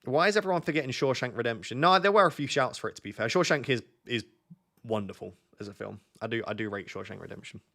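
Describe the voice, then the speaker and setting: This is a young man, chatting into a desk mic during a live stream. He speaks at a middle pitch and keeps the tone loose and jokey, often restarting lines as he thinks aloud. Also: fast, creaky, a bit bright. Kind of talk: live stream chat with viewers.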